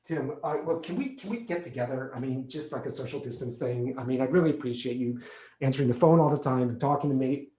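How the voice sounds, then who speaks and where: A man playing an anxious recovering alcoholic on the phone to his sponsor, halting and stammering as he repeats himself. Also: mid-range voice, dark tone, close to an everyday voice. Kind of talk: stage monologue acting. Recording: echoey room.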